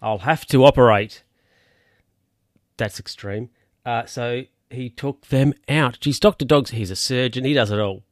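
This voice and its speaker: Reading a picture book for children at a moderate pace, a medium-pitched man keeps breaking off with amused, wry asides. The sound is dry and of studio quality.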